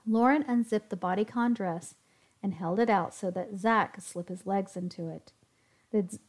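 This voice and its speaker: A woman reads a story aloud as the narrator. Her voice is mid-pitched and steady, keeping an even pace. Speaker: story reader.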